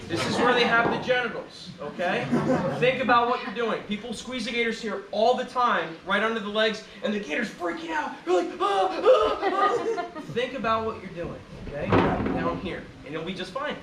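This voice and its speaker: A man's voice: sits high, lively intonation, a little fast. A man presenting a live alligator show outdoors, explaining and joking with the crowd. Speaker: alligator handler. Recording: far-off, echoey, loud outdoor noise.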